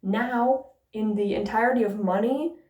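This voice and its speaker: A woman's voice: fairly high pitch, unhurried, a little mellow. A woman vlogger telling a casual, sarcastic storytime rant and swearing freely along the way. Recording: roomy echo.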